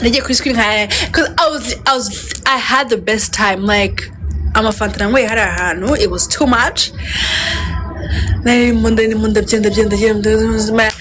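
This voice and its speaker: A woman telling a story in a casual interview, excitable, switching between languages and laughing often. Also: a little high, moderate pace, over music.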